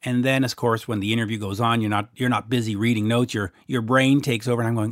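A man's voice: mid-range voice, fairly even intonation, fast, hardly any pauses, dry recording, studio quality. A Canadian man hosting a podcast, rambling in a jokey, casual way with plenty of fillers and restarts. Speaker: podcast host. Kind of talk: casual solo podcast talk.

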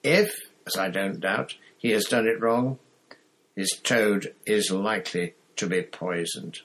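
A man's voice: on the low side, a little slow, fairly bright tone. A man reading an audiobook, voicing a cold, sneering male potions teacher. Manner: cold, cutting.

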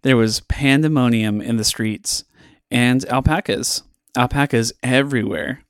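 A man hosting a podcast, reading a children's storybook aloud in an expressive, playful way with dramatic pauses. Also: medium pitch, smooth, no echo, clean studio sound.

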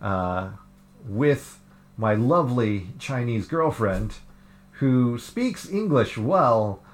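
A man's voice: mid-range voice, animated, very slow. A man co-hosting a podcast, chatting casually and rambling with lots of fillers and laughter. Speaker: podcast co-host. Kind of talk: casual chat. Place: living in Japan.

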